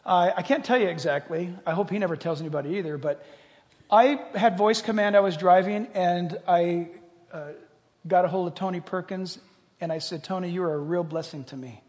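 An older male pastor with a very high voice delivers an animated sermon, jumping from loud exclamations to quiet, hushed asides. His voice rings out with a long reverb in a large hall. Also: brisk.

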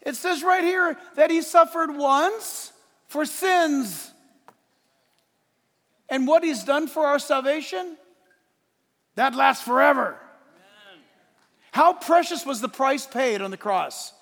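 High-pitched emphatic pastor in a reverberant church. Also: male voice, slow, pauses often. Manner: emphatic, swings from hushed to shouting, laughs at his own points. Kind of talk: sermon. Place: church sanctuary. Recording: long hall reverb.

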